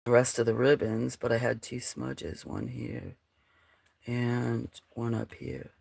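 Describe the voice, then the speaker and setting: Woman streamer w a gravelly croaky voice, talks slow n rambly to chat, laughs a lot, sometimes drops to a whisper. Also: rumbling low, flat delivery, a little mellow. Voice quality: croaky, frog-like voice. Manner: chatty, rambling, laughs often, drops to a near whisper at times. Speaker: livestream host. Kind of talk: casual livestream chat, reading and answering chat.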